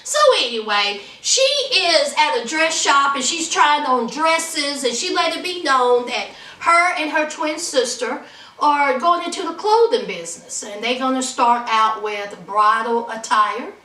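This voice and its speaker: A woman's voice: high voice, lively intonation, a little slow, pushed and bright, reverberant, recorded from a distance. A woman hosting a casual recap show, gossiping about reality TV in a sassy, dramatic way. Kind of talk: casual commentary.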